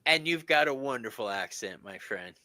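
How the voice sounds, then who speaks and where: A man's voice: medium pitch, expressive, moderate pace, sharp tone, no room sound. A middle-aged man hosting a tarot reading, chatting playfully and teasing his guest. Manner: playful, laughs often, teasing. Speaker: tarot reader and host. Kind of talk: casual chat during a tarot reading.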